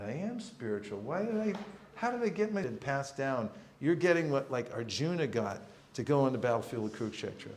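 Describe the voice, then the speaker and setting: Man teaching a lively seminar in an echoing hall. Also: fairly high pitch, slight background noise. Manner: humorous, acts out street encounters. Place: temple hall with audience.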